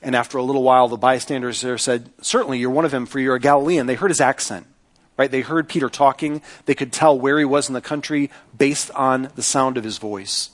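A man's voice: mid-range voice, steady tone, a little fast. A man preaching a sermon in a conversational way, often checking in with listeners by asking "right?". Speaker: pastor.

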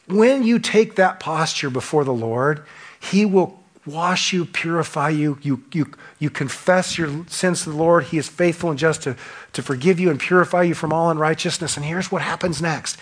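A man preaching a sermon to a church congregation, impassioned, asking rhetorical questions and swinging between loud emphasis and hushed drops. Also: a little high, animated, moderate pace. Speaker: pastor.

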